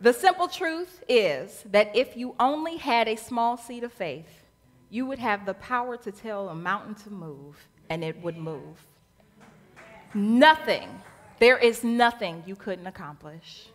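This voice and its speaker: A woman minister preaching a sermon in a colloquial, animated style with rhythmic repetition, in a church sanctuary. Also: fairly high pitch, measured pace. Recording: long church reverb.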